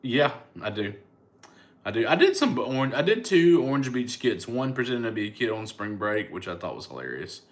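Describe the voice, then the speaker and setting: A man's voice: medium pitch, sing-song, a little fast. A man with a Southern US accent, a comedian casually chatting live with his fans and answering their comments in a laid-back, rambling way. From United States.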